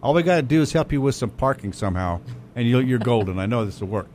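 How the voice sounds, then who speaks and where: Fast-talking chatty radio host man. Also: medium pitch, animated, darkish tone, slight background noise. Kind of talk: casual talk radio chat.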